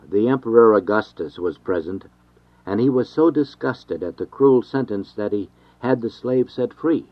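A man reading an old devotional text aloud in a measured, formal way. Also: mid-range voice, dry recording. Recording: dry, dull lo-fi recording.

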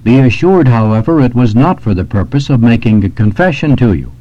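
A man's voice: mid-range voice, expressive, a little fast, lightly acted. A man reading the lines of a troubled young man in despair, in an earnest, plain delivery. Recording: dull lo-fi recording.

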